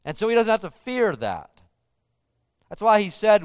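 High-voiced, smooth-toned male preacher. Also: very animated, normal speed, no echo, clean studio sound. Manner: vivid storytelling, retelling a scripture scene. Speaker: pastor. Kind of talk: sermon.

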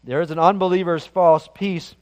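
Middle-aged male pastor, slightly high voice, conversational sermon, long hall reverb. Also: fairly even intonation, moderate pace, clear, resonant tone, lo-fi sound. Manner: conversational storytelling preacher with frequent restarts.

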